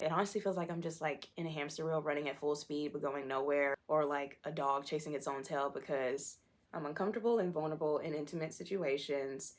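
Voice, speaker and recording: A woman's voice: low voice, steady tone, a little fast. A young woman in her twenties, talking candidly about her life in a personal vlog. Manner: candid, self-deprecating, candid storytelling. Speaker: vlogger.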